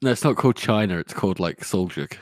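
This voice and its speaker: A man co-hosting a casual book podcast, making quick teasing jokes and laughing. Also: low-pitched, lively intonation, a little mellow, no room sound. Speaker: podcast co-host. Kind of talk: casual book-discussion chat.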